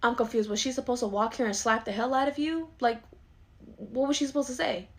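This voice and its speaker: Comedy skit: woman as a sarcastic, fed-up grown daughter, rapid delivery, slightly high voice. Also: lightly acted. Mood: incredulous. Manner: argumentative, sarcastic. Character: exasperated young adult daughter arguing with her mom. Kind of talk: skit role-play.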